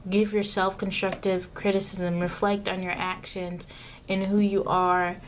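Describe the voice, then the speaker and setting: A woman's voice: medium pitch, a little hiss or hum. A young woman filming herself at home for a casual vlog, rambling and correcting herself, with lots of fillers and asides. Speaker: vlogger. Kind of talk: casual self-filmed vlog talk. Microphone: camera mic, self-filmed.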